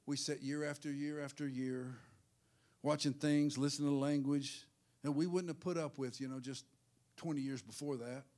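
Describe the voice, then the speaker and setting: A male pastor preaching a sermon in church, swinging from hushed asides to shouted, sing-song peaks. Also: on the high side, fairly even intonation, normal speed.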